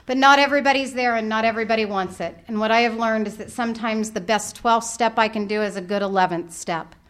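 A woman's voice: a little high, quick pace. A middle-aged woman speaking at a recovery workshop, telling a story with humour and acting out her own thoughts. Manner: animated, humorous, acts out her own thoughts.

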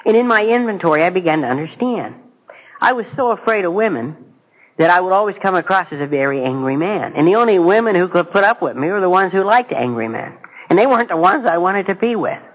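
A man's voice: high voice, expressive, quick pace, rough recording. A middle-aged man giving a personal testimony at a recovery meeting, conversational and self-mocking, speaking straight to the audience. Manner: direct to audience, asks questions.

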